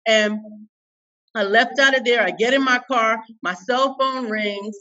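Woman, coach, emphatic storyteller, sharp tone, slightly muffled sound. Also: fairly high pitch, fairly even intonation, unhurried, recorded from a distance. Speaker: coach, guest. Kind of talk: personal storytelling in an interview.

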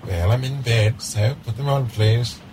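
An actor playing a pompous aristocratic lord with no sense of humor, haughty and prone to giggling, in a comedic audio drama. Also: male voice, mid-range voice, measured pace, noisy background, close to an everyday voice. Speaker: lead character.

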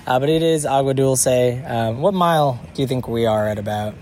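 A man's voice: mid-range voice, fairly quick, darkish tone, slight background noise. A man hosting a casual podcast interview outdoors at a hiker hostel, upbeat and loose, laughing often. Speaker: podcast host.

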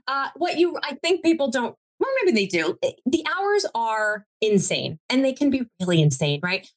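A woman's voice: sits high, sing-song, normal speed, hardly any pauses. A woman, a TV producer as guest, telling stories in a rambling, heartfelt way with many restarts. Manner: rambling, self-correcting, emotional and heartfelt. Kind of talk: conversational storytelling interview.

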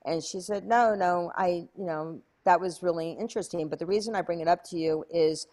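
A woman telling a story as an interview guest, lively and chatty, acting out other people's voices with many fillers. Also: fairly low pitch, fairly quick. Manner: animated, acts out quoted voices, many fillers. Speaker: interview guest, speaker and coach.

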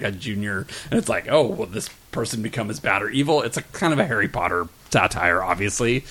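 A man co-hosting a casual pop-culture podcast, his voice at an ordinary middle pitch. He rambles from one show to the next and fills his sentences with "like" and "um". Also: a bit bright, slightly rough. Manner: rambling, filler-heavy, frequent "like" and "um". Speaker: podcast co-host.

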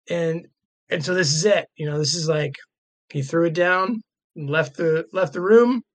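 A man in casual podcast talk, retelling old myths and reading passages aloud, excited, with lots of "like" and "right". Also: a little high, measured pace. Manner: excited, laughing, many fillers like "like" and "right".

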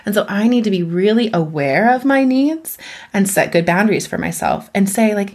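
A woman talking casually as a podcast guest, lively and expressive, often acting out her own inner voice and laughing. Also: medium pitch, normal speed. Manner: animated, acts out her own self-talk, laughs often. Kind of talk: casual conversation about self-care.

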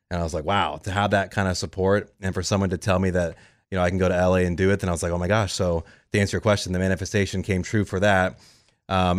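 Fast-talking deep-voiced man telling his story. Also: no room sound, studio quality. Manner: fast, animated storytelling with quoted dialogue. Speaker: guest, radio producer. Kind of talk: casual interview storytelling.

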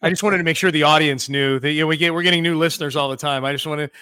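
Man, sports podcast host, bright forceful voice, quick joking chat with restarts, dry close sound. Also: a little high, fairly even intonation, clean tone, no room sound.

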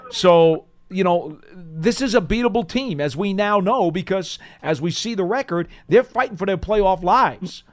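A man co-hosting a sports call-in radio show, giving steady, analytical answers. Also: high voice. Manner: measured analytical.

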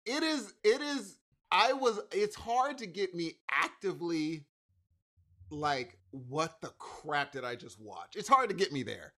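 Animated, high-pitched ranting man. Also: measured pace. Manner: exasperated, ranting, slangy. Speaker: podcast co-host. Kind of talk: casual podcast chat.

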